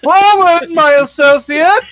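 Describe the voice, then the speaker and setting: A woman's voice: extremely high pitch, slow pace, fairly bright tone, voice pushed up, full character voice. A man voicing a noble, loyal female cart horse who speaks with formal, grand courtesy. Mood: rallying.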